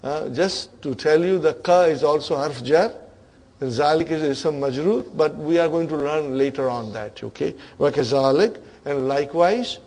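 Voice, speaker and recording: A man teaching an Arabic grammar class, quizzing his students with repeated questions and murmuring quiet words of praise. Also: fairly high pitch, moderate pace.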